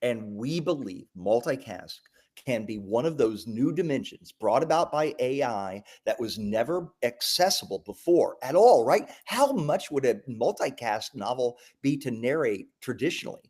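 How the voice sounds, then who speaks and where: A man presenting a live software demo, talking enthusiastically, with lots of ums and restarts. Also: mid-range voice, animated, moderate pace, slightly rough. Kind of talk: live product demo talk.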